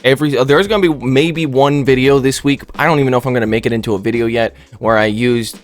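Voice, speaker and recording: A man's voice: mid-range voice, fast, no room sound, soft background music. A man casually commentating on his online game battles, joking and rambling with silly asides.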